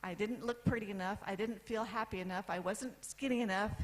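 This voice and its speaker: A woman in her fifties from the United States telling a personal story on stage, candid, with lists and pauses for effect. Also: medium pitch, low-quality recording. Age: 50s. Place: event stage.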